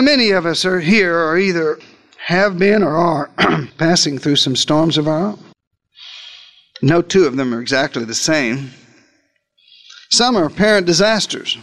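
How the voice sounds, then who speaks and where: A man preaching a sermon, dramatic, slowing down to act out the cries he quotes. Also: on the high side, fairly bright tone.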